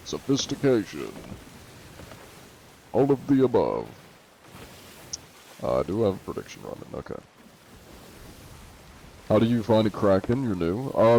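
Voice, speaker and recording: A man's voice: deep voice, dark tone, a little hiss or hum, poor audio. A man streaming a game, chatting casually and swearing now and then. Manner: laid-back, swears casually. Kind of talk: casual gameplay chat.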